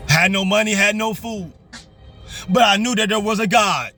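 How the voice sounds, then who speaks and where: Guy preaching hard from his car, high voice, soft music under him. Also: normal speed. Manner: fervent, repetitive, call-and-response preaching. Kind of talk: motivational sermon. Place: parked car.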